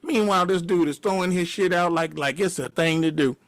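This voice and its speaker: A middle-aged man telling a story casually, animated, laughing often and swearing freely. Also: high-pitched, fairly quick.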